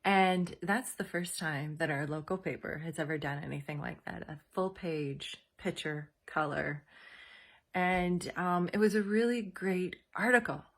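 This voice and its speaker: A woman's voice: lowish voice, unhurried, a bit bright. A woman in her forties telling a personal story in a casual, confiding way, with many fillers. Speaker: host.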